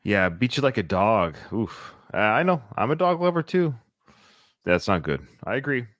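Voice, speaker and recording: A man's voice: lowish voice, moderate pace, dry recording, studio quality. A man hosting a casual podcast chat, laughing as he recaps scenes. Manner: lively, laughs often, reads and recaps scenes. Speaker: podcast host.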